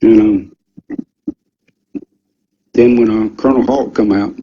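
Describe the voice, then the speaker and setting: A man's voice: on the low side, fairly even intonation, takes it slowly, a little hiss or hum. An older man, telling a story in a rambling, folksy way with lots of ums and some swearing. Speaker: interview guest, former military security policeman. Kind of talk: casual storytelling recollection. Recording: dull lo-fi audio.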